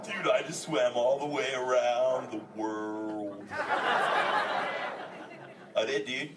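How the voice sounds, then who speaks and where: A man's voice: medium pitch, animated, slow, far from the mic. An actor playing a laid-back male sea turtle who talks like a surfer dude, chatting with the audience in a live theme park show. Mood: laid-back, goofy. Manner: surfer slang, says "dude" constantly. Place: indoor theater with audience. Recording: echoey theater taped from the audience, crowd noise.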